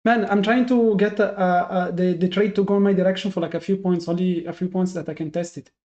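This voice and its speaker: A man's voice: sits high, fairly even intonation, a little fast, darkish tone. A man streaming his live day trading and talking to his chat, frustrated and self-critical, thinking aloud with many restarts. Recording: dull lo-fi sound.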